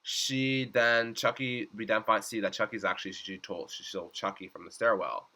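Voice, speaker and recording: A man's voice: fairly low pitch, normal speed, pushed and bright. A young man giving a casual episode recap, chatty, leaning on "like" and acting out lines in swooping voices. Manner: chatty, says "like" constantly, acts out quotes in swooping voices. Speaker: reaction vlogger.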